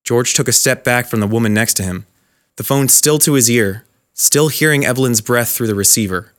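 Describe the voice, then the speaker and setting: Measured male story narrator. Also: mid-range voice, fairly bright tone.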